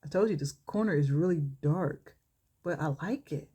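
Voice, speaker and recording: A woman vlogger reading her own short story aloud in a relaxed way while doing her makeup, chuckling and stopping to comment on it. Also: low-pitched, moderate pace, husky. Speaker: vlogger and author.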